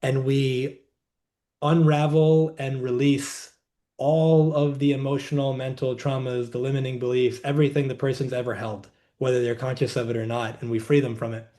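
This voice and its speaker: This man's voice sits in the middle range, dark in tone and flat in delivery. A healer and coach, he is a guest on a podcast, sharing client stories in a calm, thoughtful manner.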